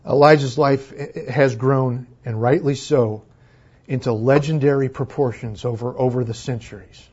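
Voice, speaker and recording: A man preaching a sermon in a church, swinging between loud exclamations and hushed near-whispers. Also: mid-range voice, fairly even intonation, moderate pace, husky, muffled recording. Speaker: pastor.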